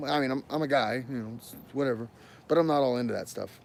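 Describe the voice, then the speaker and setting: A man's voice: medium pitch, a little fast, creaky, darkish tone. A man livestreaming from his phone outdoors near his home. He tells a personal story in a casual, rambling way, with many fillers and apologies to his viewers.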